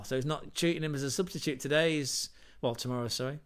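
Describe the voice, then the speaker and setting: Chatty man, smooth voice. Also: on the high side, quick pace. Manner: chatty, jokey asides and wordplay, self-correcting. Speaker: football podcast host. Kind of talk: casual livestream chat previewing lineups.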